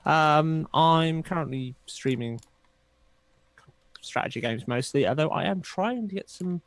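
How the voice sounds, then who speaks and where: Soft-spoken man, dry close sound. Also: a little high, expressive, unhurried, dry recording. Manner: hesitant, soft-spoken, with many ums. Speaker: guest player, streamer. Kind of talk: casual chat.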